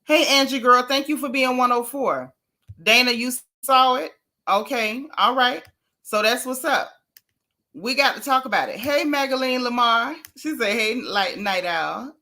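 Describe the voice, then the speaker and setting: Woman, gossip-stream host, bright and punchy voice, chatty and emphatic, reads chat comments aloud. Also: high voice, moderate pace. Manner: emphatic, repeats phrases. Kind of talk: casual livestream commentary.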